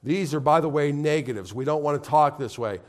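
A man's voice: on the high side, a little fast. A man preaching a sermon to a congregation, repeating key phrases and asking the crowd to answer back. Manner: repetitive call-and-response preaching. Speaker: pastor. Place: congregation in a room.

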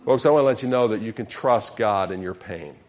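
A man's voice: fairly low pitch, brisk, a little mellow. A man preaching a sermon as pastor, calling questions out to the congregation and acting out sample prayers.

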